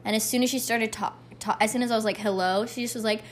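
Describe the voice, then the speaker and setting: Animated young woman, playfully bossy. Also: a little high, fast talker, slight background noise. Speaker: podcast co-host. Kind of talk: casual chat.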